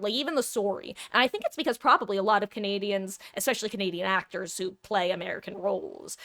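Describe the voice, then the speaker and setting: A woman's voice: mid-range voice, fairly bright tone, dry recording. A woman streamer in a casual live-stream chat who rambles, laughs often and pokes fun at herself. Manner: frequent restarts and filler words.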